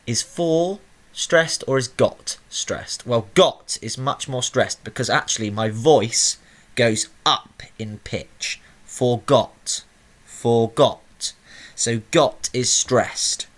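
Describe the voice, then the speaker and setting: A man's voice: medium pitch, a bit bright. A man teaching a spelling lesson to young schoolchildren, explaining patiently and sounding out words syllable by syllable. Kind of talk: recorded spelling lesson for children.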